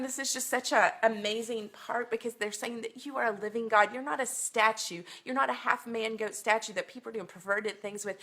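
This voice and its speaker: Woman teacher, bright tone, heartfelt Bible study talk on a phone stream. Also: mid-range voice, moderate pace. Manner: earnest, emotional storytelling with many ums. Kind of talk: livestreamed Bible lesson.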